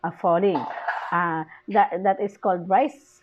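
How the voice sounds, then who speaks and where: A woman with a Filipino accent, teaching a lesson on intonation slowly and deliberately, repeating her example sentences with exaggerated rises and falls in pitch. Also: animated, slight background noise. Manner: switches between English and Tagalog. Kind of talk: classroom lecture on intonation. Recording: dull lo-fi recording.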